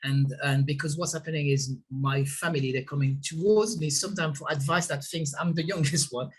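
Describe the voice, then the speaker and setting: A middle-aged man from Guadeloupe with a French accent touched by British vowels, talking haltingly as an interview guest and laughing often. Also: fairly high pitch, steady tone, slightly rough. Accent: French with British tinge. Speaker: restaurant owner guest. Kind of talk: casual interview talk.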